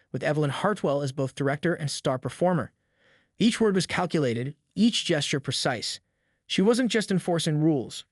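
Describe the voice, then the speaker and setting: Casting: male storyteller, scripted dramatic narration, somewhat high voice, dry close sound. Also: dry recording.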